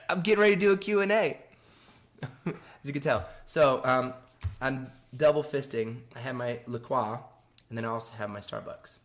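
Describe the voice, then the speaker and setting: A man's voice: medium pitch, normal speed, long pauses. A man chatting casually on a live stream from home, rambling, laughing often and reading out viewer messages.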